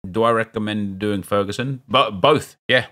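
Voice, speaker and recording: A man's voice: lowish voice, moderate pace, fairly bright tone. A man with a South London accent giving casual, rambling commentary while opening packs in a football video game, joking with his chat. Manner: chatty, rambling, jokey asides to chat. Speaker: streamer.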